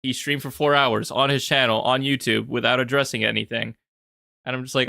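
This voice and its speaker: Bright-voiced young man rambling animatedly. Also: mid-range voice, a little fast, vocal fry, no room sound, clean studio sound. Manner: animated, rambling, frequent restarts. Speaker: YouTube commentator. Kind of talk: casual commentary on own video.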